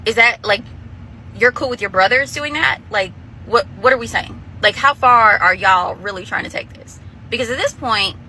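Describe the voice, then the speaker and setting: Female commentator, bright and slightly high, incredulous questioning tone, faint background noise. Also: moderate pace, poor audio. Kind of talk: casual commentary video.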